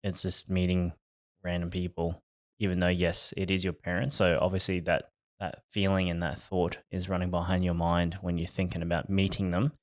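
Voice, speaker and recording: Young guy cohosting a podcast, deep voice, teasing and swearing casually. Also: level tone, normal speed. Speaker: podcast co-host.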